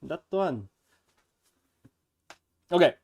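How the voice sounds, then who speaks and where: Upbeat man with a fairly high voice. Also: expressive, very slow, vocal fry, darkish tone, slightly rough. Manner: upbeat and chatty, talks straight to viewers. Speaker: fightstick builder streaming. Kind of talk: casual livestream showcase.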